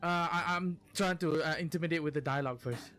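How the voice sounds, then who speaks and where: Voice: medium pitch, fast talker, a crowd in the background. A player in a tabletop game who acts out the dialogue in character. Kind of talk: casual tabletop play.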